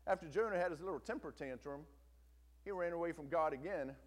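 A man's voice: on the high side, brisk, in a large hall. A male pastor preaching a sermon, telling a story with emphatic turns and urging the congregation to listen.

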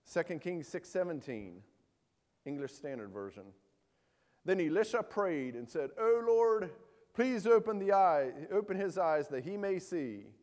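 A man's voice: high voice, animated, measured pace, a little mellow. Earnest preacher man in a reverberant hall. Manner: earnest preaching with rhetorical questions. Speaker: pastor. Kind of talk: sermon.

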